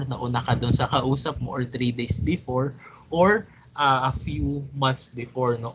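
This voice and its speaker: A Filipino-accented man gives a logic lecture at an even, middling pitch. He drifts between English and Tagalog and often tags his sentences with a questioning "no?". A faint hiss and occasional clicks sit under his voice. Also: rough recording. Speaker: teacher.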